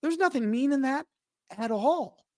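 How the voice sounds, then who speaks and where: A man's voice: very high-pitched, lively intonation, measured pace, dry recording. A middle-aged man and podcast guest, explaining emphatically and acting out quoted dialogue in conversation. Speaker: podcast guest, speaker on respect.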